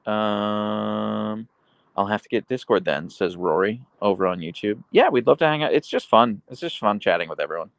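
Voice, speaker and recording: A man's voice: lowish voice, expressive, moderate pace, gravelly, dry recording. A man hosting a live stream, reading chat in a casual, rambling way with lots of fillers and sometimes talking to his dogs. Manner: baby-talks his dogs at times. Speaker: livestream host reading chat.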